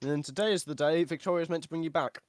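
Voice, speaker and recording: A man running a tabletop game as dungeon master for a live stream, playful and quick to laugh. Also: fairly high pitch.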